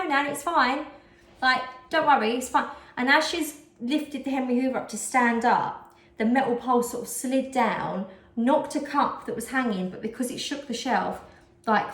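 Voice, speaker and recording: A chatty woman with a somewhat high voice talks through a haul at home, rambling happily from one aside to the next. Her voice sounds roomy, bouncing off the walls around her. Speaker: vlogger. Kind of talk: casual chat showing a haul. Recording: roomy echo.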